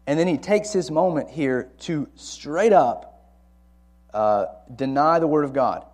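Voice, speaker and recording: A man's voice: a little high, lively intonation, unhurried. A man teaching a Bible lesson to a college ministry, speaking conversationally and repeating key words for emphasis.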